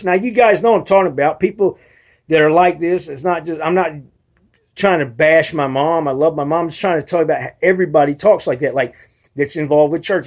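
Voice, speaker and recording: A man's voice: fairly high pitch, brisk. A young adult man talking in a casual rambling monologue, argumentative and frustrated, with many restarts. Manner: rambling, restarts often, mimics others in quotes. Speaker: video blogger.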